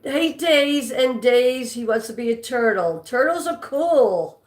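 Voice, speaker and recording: A woman's voice: on the high side, lively intonation, slow. A woman with a New York accent hosting a live trivia stream, chatting with viewers and reading their comments aloud. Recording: echoey room.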